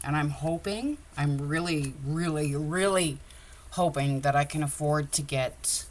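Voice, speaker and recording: A woman's voice: sits low, a little slow. A woman chatting casually on a livestream about her crafts, rambling and openly emotional. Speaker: craft vlogger.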